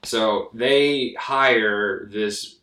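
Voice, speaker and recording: A man co-hosting a casual film review chat, animated and mocking, swearing casually. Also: on the low side, drawn-out words. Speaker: podcast co-host. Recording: echoey room, a bit off mic.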